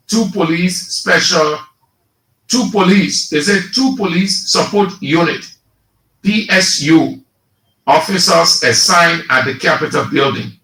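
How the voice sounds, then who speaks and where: A man with a Liberian English accent hosting a radio talk show, giving slow, sarcastic political commentary and reading statements aloud. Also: a little high, sharp tone, reverberant, poor audio.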